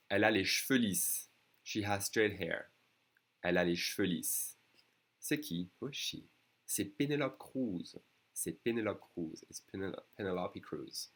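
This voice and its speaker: A man's voice: low-pitched, moderate pace. A man with a French accent, a native speaker teaching a beginners' language lesson online, patiently repeating each phrase.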